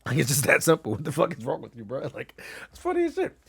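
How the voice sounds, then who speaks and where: Gravelly-voiced streamer ranting heatedly. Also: male voice, on the high side, huge pitch swings, fast talker. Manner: heated, profane, blunt storytelling; reads and answers chat messages. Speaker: gaming streamer. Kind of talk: casual ranting stream chat.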